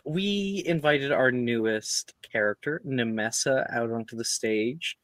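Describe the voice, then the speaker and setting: Slow-talking game master, a man. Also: medium pitch, a bit bright, no echo. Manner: unhurried, many fillers. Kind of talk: narrating a tabletop game recap.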